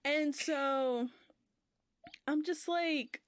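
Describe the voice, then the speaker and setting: A woman's voice: sits high, very slow. A young woman co-hosting a podcast, telling a rambling story in casual chat and filling it with "like". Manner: rambling, heavy use of "like", animated when retelling. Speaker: podcast co-host.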